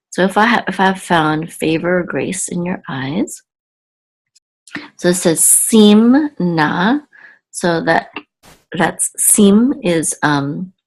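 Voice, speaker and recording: Woman teaching hebrew slowly, low voice, lots of ums and corrections. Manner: halting, with many fillers and self-corrections. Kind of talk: slow, patient word-by-word lesson.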